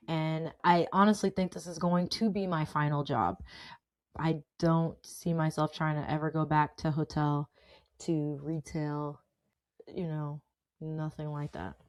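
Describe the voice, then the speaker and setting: A woman's voice: deep voice, level tone, unhurried. Chatty woman telling work stories. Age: adult with children. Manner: chatty and emphatic, often tags "okay?", laughs often. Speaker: podcast host. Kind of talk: casual storytelling monologue.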